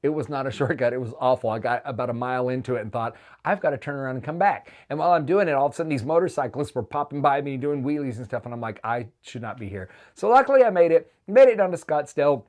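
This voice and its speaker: A man telling a travel story in a casual vlog, in an animated, excitable way. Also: medium pitch, very fast, hardly any pauses. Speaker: touring singer recounting a trip.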